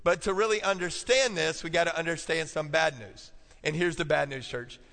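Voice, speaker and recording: A man's voice: fairly high pitch, normal speed, vocal fry, bright, forceful tone. Preaching man in a reverberant hall. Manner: call-and-response preaching, repeating points for note-taking. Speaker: pastor. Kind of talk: sermon. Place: church. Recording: long church hall reverb.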